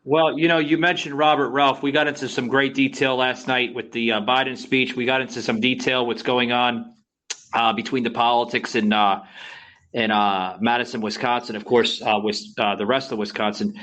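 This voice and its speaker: A man's voice: mid-range voice, flat delivery, normal speed, bright, forceful tone, poor audio. A man from Florida co-hosting a political podcast, talking frankly in a loose conversational way with lots of fillers. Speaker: podcast co-host. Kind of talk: casual political podcast chat.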